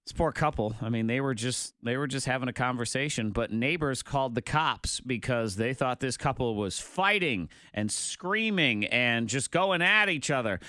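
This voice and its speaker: A man's voice: medium pitch, lively intonation, normal speed, few pauses, bright, forceful tone, no echo. A man hosting a morning radio show, telling odd news stories in casual banter with a wry, teasing manner. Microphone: studio microphone.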